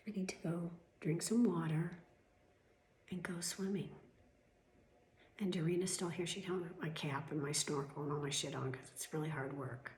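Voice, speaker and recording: A woman's voice: mid-range voice, normal speed, long pauses, slight background noise. Exasperated woman venting in an echoey room. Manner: swearing, venting, swings between loud outbursts and whispered asides. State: coughing, chesty. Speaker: vlogger. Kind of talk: casual vlog monologue.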